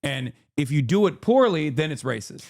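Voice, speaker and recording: A man's voice: a little high, sing-song, normal speed, gravelly, a little mellow. A man hosting a live stream, chatting casually in a blunt, profane, rambling way with many restarts. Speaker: streamer host. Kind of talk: casual conversation.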